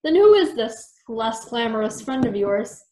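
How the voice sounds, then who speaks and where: A woman voicing a jolly old male professor rodent who exclaims loudly, recorded in a roomy space. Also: a little high, very animated, unhurried. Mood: jovial. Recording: roomy echo.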